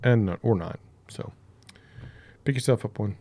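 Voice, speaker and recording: Gravelly man rambling through a mic test. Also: fairly low pitch, moderate pace, long pauses, dark tone, no echo. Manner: joking, rambling, tests mic aloud. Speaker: product reviewer. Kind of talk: casual unboxing chat. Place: home room with hardwood floors. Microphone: close broadcast microphone.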